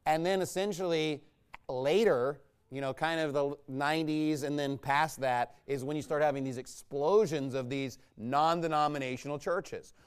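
A man preaching a combative, mocking sermon, swinging between low muttering asides and loud outbursts. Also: moderate pace, clean tone. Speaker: pastor. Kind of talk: fiery sermon rant.

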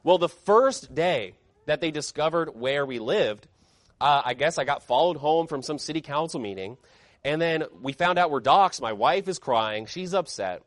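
High-voiced fiery male preacher. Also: lively intonation, normal speed, fairly bright tone, no echo, studio quality. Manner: emphatic, fiery preaching with rhetorical questions. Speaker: pastor. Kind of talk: sermon.

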